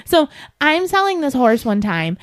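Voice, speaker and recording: High-voiced animated woman telling a story. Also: a little slow, no room sound. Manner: animated, laughs often, acts out quotes. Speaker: podcast co-host and horse trainer. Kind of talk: casual storytelling chat. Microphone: close to the mic.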